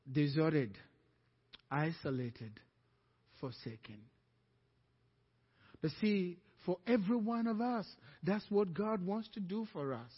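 A man with a high voice preaches a sermon in a church, rising to loud, fervent peaks and then dropping low and quiet to tell a story. His voice rings with long reverb from the hall, and the recording sounds muffled. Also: slightly rough. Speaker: pastor.

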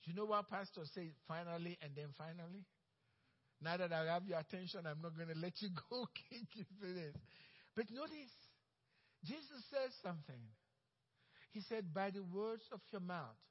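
A high-voiced man preaches in a church, his words ringing with a long hall reverb. He acts out coworkers and swings between bold, loud declarations and quiet, hushed asides. The sound is muffled and slightly lo-fi. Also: lively intonation, moderate pace. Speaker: pastor. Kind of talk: sermon. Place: church sanctuary.

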